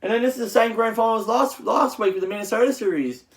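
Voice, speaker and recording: A man hosting his own channel who runs through esports match results in a casual recap, halting often with fillers and restarts. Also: high-pitched. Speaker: channel host. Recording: echoey room.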